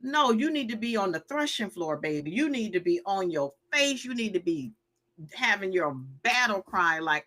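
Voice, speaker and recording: A woman's voice: medium pitch, lively intonation, moderate pace, fairly bright tone. A woman in her fifties hosting a live stream, emphatic and preachy, repeating her points and reading viewer comments aloud. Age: 50s. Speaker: live show host giving healing advice.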